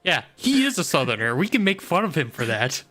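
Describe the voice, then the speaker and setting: A man's voice: fairly high pitch, very animated, fairly quick, sharp tone, faint music behind. A man co-hosting a game stream in casual chat, playful and teasing. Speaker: stream co-host. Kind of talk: casual chat while gaming.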